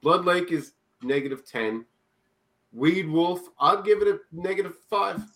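Male panelist, high bright voice, profane exasperated ranter. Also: unhurried. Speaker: podcast panelist. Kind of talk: casual movie review chat.

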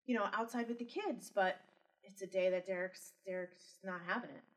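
A woman's voice: mid-range voice, moderate pace, recorded from a distance, rough recording. A woman who is a mother, a guest on a podcast, talking candidly and restarting her sentences as she recalls things. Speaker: guest, mother of a son with disabilities. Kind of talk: casual podcast conversation.

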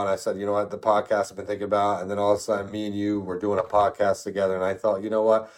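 A man's voice: on the low side, level tone, racing, hardly any pauses, darkish tone. A middle-aged man co-hosting a podcast, telling stories in a casual, profane, rambling way and often asking "you know what I mean". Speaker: podcast co-host. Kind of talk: casual opinionated chat and storytelling.

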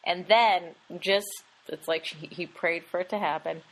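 A woman co-hosting a podcast, recapping a horror film in an animated, casual way. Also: lowish voice, moderate pace. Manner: animated, acts out characters' lines. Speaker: podcast co-host. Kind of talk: casual movie recap chat.

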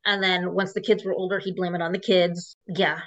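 An interview guest tells her own story in a lowish voice, delivered flatly and fairly quickly. Her telling is emotional and rambling, with many restarts, and the audio is dull and lo-fi.

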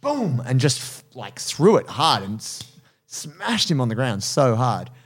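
A man's voice: medium pitch, very animated, unhurried, husky. A man hosting a casual podcast, talking animatedly about jiu-jitsu coaching, laughing often and swearing casually.

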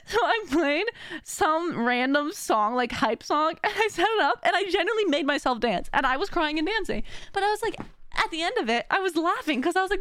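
A woman hosting a podcast, talking in a casual, animated and slangy way and laughing often. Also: extremely high pitch, brisk, no echo, clean studio sound. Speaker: podcast host. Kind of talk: casual chat.

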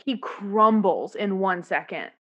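A woman's voice: medium pitch, slow, dull audio. A woman chatting casually, acting out lines as she recounts a scene. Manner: animated, acts out lines while recounting. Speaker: podcast co-host discussing a musical. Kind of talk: casual chat, quoting lyrics.

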